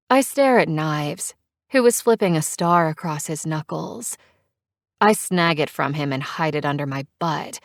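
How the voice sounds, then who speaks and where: Brief: a deep-voiced woman reading a romance novel aloud, expressive, dry studio sound. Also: unhurried, dry recording. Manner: expressive, animated character voices. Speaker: audiobook narrator. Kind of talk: first-person romance audiobook narration.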